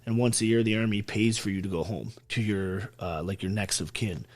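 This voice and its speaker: Blunt, swearing man, low voice. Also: fairly even intonation, brisk, darkish tone. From Ontario, Canada. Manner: blunt, heavy swearing, emphatic. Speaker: podcast guest, army veteran. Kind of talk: casual interview storytelling.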